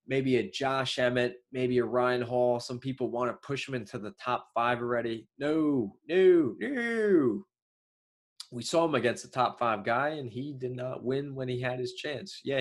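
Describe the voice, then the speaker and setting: A young man with a Long Island accent hosting an MMA show, giving excitable solo commentary with loose fillers and sudden outbursts. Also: medium pitch.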